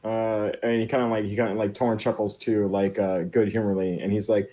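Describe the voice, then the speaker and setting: A man with a low, mellow voice narrating what his character does in a tabletop role-playing game. He rambles and leans heavily on fillers. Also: little pitch movement, a little fast, hardly any pauses. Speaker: player.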